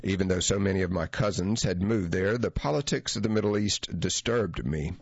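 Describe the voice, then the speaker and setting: A man with a very low voice reads a memoir as an audiobook, measured and reflective in his delivery. The recording is close and dry, with a slightly dull, muffled tone to it. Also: vocal fry, husky, no echo. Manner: measured, reflective first-person reading. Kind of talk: audiobook narration of a memoir essay.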